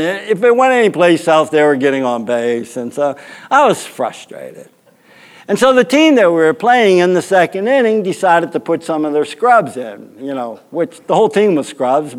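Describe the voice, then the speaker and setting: Animated pastor telling a funny story. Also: male voice, fairly high pitch. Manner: animated, rambling anecdote with frequent laughter. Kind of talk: storytelling sermon.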